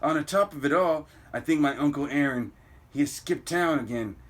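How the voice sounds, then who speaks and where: A man reading a comic aloud, voicing a weary, worried teen boy superhero in a low, subdued inner monologue. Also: moderate pace, lightly acted. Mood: troubled. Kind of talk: comic book read-aloud.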